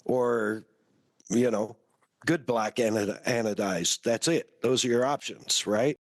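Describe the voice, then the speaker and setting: A man hosting a podcast, chatting in a relaxed, conversational way. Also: mid-range voice, takes it slowly, dry recording. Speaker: podcast host. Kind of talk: casual podcast chat.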